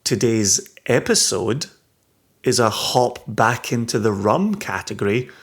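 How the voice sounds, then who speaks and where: A man's voice: on the low side, lively intonation, measured pace, husky. A man co-hosting a casual podcast, teasing his partner and thinking aloud in a reflective way. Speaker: podcast co-host.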